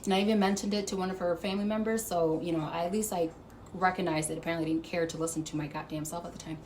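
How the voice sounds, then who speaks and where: A woman vlogger telling a story to camera, animated and profane, laughing as she goes. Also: fairly low pitch, rapid-fire, a little hiss or hum. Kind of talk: casual storytime monologue.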